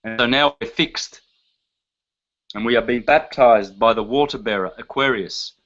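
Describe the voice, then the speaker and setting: A man gives a lecture with a bright, forceful edge, emphatic and insistent as he lists term after term and poses rhetorical questions. The sound is dull and lo-fi, like an old lecture tape. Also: mid-range voice, normal speed. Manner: emphatic, listing terms one by one, rhetorical questions. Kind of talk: lecture to a live audience.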